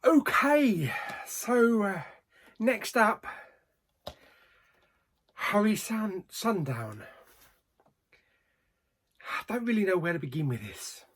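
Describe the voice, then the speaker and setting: A man reviewing films in a casual vlog, plain-spoken, with frequent ums and trailing pauses. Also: sits high, big pitch swings, fairly bright tone. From Australia. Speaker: movie reviewer.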